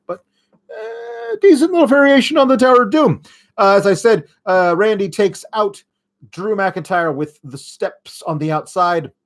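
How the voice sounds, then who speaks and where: A young man hosts a casual wrestling recap podcast, talking a little higher than most men do. He is sarcastic throughout and mocks the people he talks about. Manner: sarcastic, mocking impressions of wrestlers. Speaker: podcast host.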